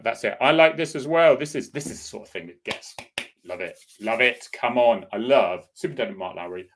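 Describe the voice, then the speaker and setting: A man's voice: fairly low pitch, a bit bright. A middle-aged man, a former police officer, hosting a casual solo chat in a rambling, opinionated way. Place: home in Cornwall.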